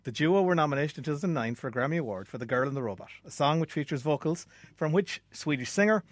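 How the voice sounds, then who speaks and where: A man hosting a quiz, reading out questions clearly with chatty asides. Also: on the high side, lively intonation, quick pace, dry recording. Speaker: quizmaster.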